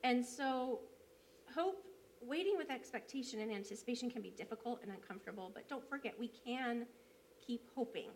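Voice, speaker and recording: A fairly high-voiced woman preaches as a church elder. She tells her story in an easy, conversational way, with plenty of ums and small restarts. A faint hum of room noise sits under her voice. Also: fairly quick. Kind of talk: sermon.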